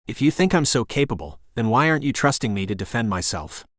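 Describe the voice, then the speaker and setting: A man's voice: mid-range voice, lively intonation, quick pace, fairly bright tone, dry recording, studio quality. A man voicing a hurt, strong-willed young woman in an audiobook, sounding frustrated and pleading. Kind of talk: audiobook character reading.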